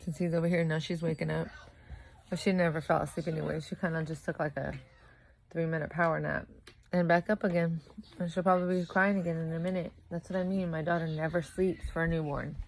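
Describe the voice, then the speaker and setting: An exhausted young mother chats to her camera at home in a low, deep voice, and her thoughts wander and double back. A faint hum of room noise sits under her talk. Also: steady tone, a little fast, creaky, rough recording. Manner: rambling, scattered, self-correcting. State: exhausted from little sleep. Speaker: vlogger, mother of two. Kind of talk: casual vlog chat. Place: at home with a toddler nearby.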